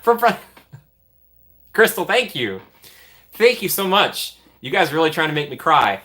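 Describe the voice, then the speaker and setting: Bright-voiced man thanking livestream donors. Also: a little high, sing-song. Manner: grateful, reads out donations with quick repeated thanks and laughs. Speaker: livestream host. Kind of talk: casual livestream chat.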